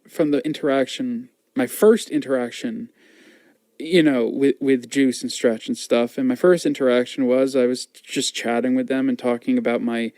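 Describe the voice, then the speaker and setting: Calm matter-of-fact male stream guest. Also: medium pitch, no room sound. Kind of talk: casual storytelling.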